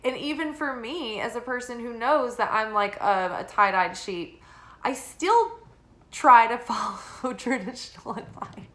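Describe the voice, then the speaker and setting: A woman talks through a tarot reading with a bright, forceful tone. She is chatty and loose, with many fillers and quick laughs, and now and then she reads guidebook passages aloud. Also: fairly high pitch. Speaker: tarot reader.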